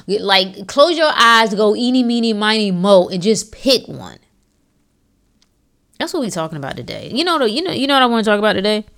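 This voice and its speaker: A woman's voice: mid-range voice, a bit bright. Woman podcast host, casual and preachy, slangy, lots of rhetorical questions. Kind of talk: casual motivational podcast talk.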